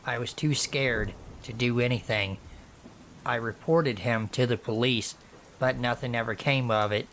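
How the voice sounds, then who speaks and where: A male horror-story narrator reading a first-person account in a measured, somber voice. His mid-range voice moves at an unhurried, deliberate pace, with a faint hiss of noise underneath. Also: mid-range voice, fairly bright tone. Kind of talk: scripted narration of true scary stories.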